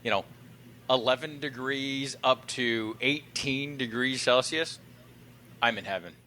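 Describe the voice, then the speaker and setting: A man's voice: mid-range voice, a little slow, pushed and bright, slight background noise. A man co-hosting a podcast as a tinsmith, chatting in a giggly, self-deprecating way. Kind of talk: casual chat.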